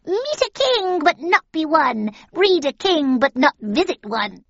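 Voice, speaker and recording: A woman voicing a shrill, screeching old witch woman in a storybook reading, with a slightly dull recording. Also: big pitch swings, unhurried, creaky, fairly bright tone, no echo, full character voice. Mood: shrill chanting. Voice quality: screechy, cackling.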